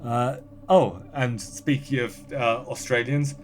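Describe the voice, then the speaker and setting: A man chatting as a podcast guest, reading out listener comments in a brisk, offhand way. His voice sits at an ordinary middle pitch, and his delivery stays dry. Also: fairly even intonation, a little hiss or hum. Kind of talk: casual chat, reading listener comments aloud.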